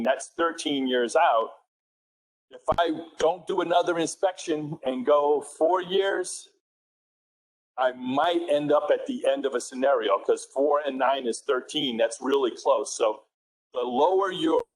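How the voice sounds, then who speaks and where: A man with a New England accent giving a talk at a conference. He speaks at a mid pitch, easygoing and conversational, often correcting himself mid-sentence and asking the room questions. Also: low-quality recording. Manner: conversational, self-correcting, asks the audience questions. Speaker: conference presenter. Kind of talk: technical conference presentation.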